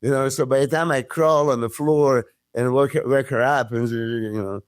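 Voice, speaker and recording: A man, a podcast guest telling stories in casual chat, animated, swearing freely and acting out what others said. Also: mid-range voice, moderate pace, no room sound, studio quality. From Serbia. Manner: animated storyteller who swears freely and acts out quotes. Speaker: podcast guest, former pro bodybuilder.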